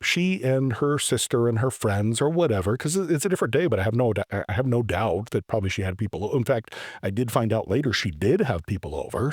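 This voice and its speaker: A man's voice: fairly low pitch, dry recording, clean studio sound. Self-deprecating male podcast host telling a story. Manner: animated, self-deprecating storyteller who acts out his own past lines; stammering restarts. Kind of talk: personal storytelling monologue.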